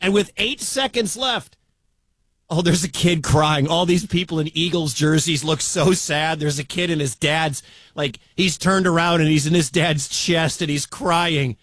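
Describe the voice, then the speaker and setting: A man hosting live sports radio, calling a game play by play and shouting at big moments. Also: on the high side, measured pace, no echo. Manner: excitable, shouts at big plays.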